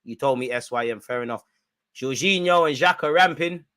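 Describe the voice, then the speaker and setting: Bright, slangy man commentating live. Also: medium pitch, moderate pace. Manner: slangy banter, frequent laughing asides; reacts loudly to goals and chances. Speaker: watch-along host. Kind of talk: live football watch-along commentary.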